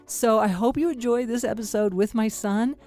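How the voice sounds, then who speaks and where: A woman's voice: a little high, normal speed, warm tone, soft background music. An older woman hosting a comedy podcast at home, chatting casually and laughing often. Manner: laughs often, self-deprecating.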